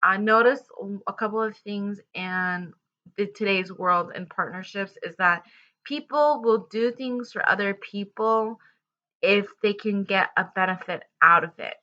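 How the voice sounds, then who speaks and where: A woman talks through a tarot love reading in a loose, rambling way, full of fillers and restarts. Her voice is bright and forward, and the recording sounds slightly muffled and lo-fi. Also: medium pitch, a little slow. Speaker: tarot reader. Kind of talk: casual tarot reading to camera.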